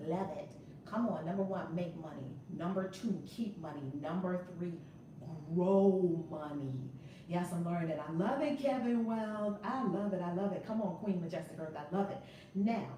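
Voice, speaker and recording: Woman, live-stream teacher, energetic, encouraging, repetitive, distant mic, faint background noise. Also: mid-range voice, very echoey. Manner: energetic, repetitive, encouraging, greets viewers by name. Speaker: teacher and host.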